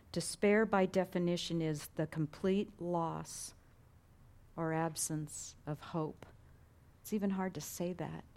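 Middle-aged woman preacher, mellow warm tone, chatty sermon delivery that builds to animated retelling. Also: fairly low pitch. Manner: conversational preaching, grows loud and animated when retelling stories.

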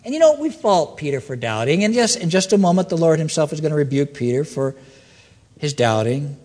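A man preaching a sermon, swinging between loud, excited questions and hushed, slow lines. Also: on the high side, big-room sound. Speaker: pastor.

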